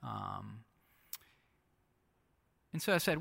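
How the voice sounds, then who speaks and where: A pastor preaching a sermon, repeating phrases and often dropping to a soft, hushed delivery. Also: male voice, mid-range voice, lively intonation, normal speed, gravelly, long pauses. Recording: long reverb of a large hall.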